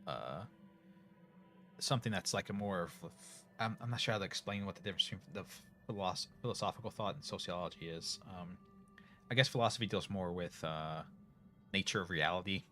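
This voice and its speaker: A man's voice: sits low, fairly quick, sharp tone. A middle-aged man with a Northern US accent chatting casually to viewers, rambling with many fillers and restarts. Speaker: streamer. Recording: faint music behind.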